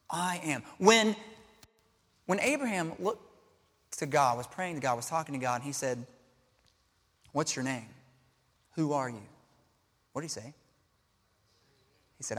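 Male pastor, high voice, expressive sermon delivery moving from hushed to exclaiming, big reverberant sanctuary sound. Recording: long reverb of a large hall.

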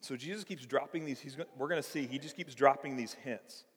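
A man preaching a sermon, animated, acting out the voices of the passage as he teaches. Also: mid-range voice, fairly quick, husky. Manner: animated, acts out voices of the text. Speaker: pastor. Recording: reverberant hall.

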